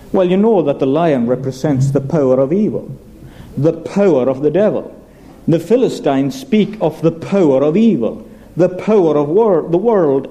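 Man preaching with a dark, mellow voice. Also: fairly high pitch. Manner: earnest, emphatic, rhetorical questions; reads scripture aloud slowly. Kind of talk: expository sermon.

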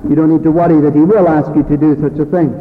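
High-voiced preacher on a tinny line. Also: male voice, fairly even intonation. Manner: earnest, pausing with fillers and restarts. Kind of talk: sermon. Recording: phone-like thin sound with long hall reverb.

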